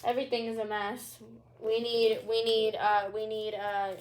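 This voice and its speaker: A woman's voice: a little high, level tone, measured pace, slight background noise. A young woman reading a children's book aloud, with chatty asides and small stumbles. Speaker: read-aloud storyteller.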